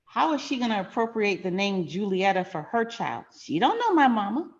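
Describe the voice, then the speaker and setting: A woman's voice: medium pitch, sing-song, normal speed, lo-fi sound. A middle-aged woman hosting a finance channel, telling a personal story in a frank, emphatic, conversational way.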